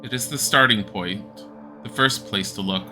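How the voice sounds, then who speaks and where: A man's voice: on the low side, pushed and bright, faint music behind. A man giving a cryptic, ominous voice. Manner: slow, cryptic warnings. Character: cryptic mysterious male voice, ominous.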